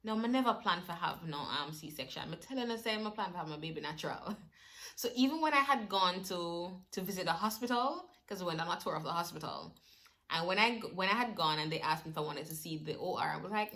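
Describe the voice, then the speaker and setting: A woman's voice: lowish voice, fairly quick. A young woman, emotionally retelling a personal story in a vlog. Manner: animated, emotional retelling with laughs. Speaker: vlogger.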